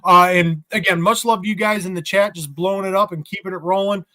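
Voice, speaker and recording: Laughing podcast host, slightly high voice. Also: male voice, steady tone, fast talker, sharp tone, no echo. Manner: laughs often, steers the talk. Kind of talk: casual gaming podcast chat.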